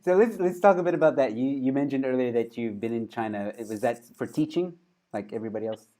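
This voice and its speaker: A man's voice: mid-range voice, quick pace, dark tone. A man hosting an interview, tossing playful challenges at his guest. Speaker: host. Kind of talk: casual interview chat.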